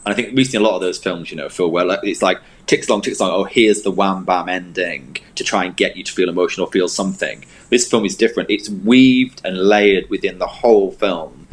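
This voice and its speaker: A man's voice: low voice, quick pace, few pauses, poor audio. A man co-hosting a film review show, talking in an enthusiastic, casual way and repeating words for emphasis. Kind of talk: casual chat.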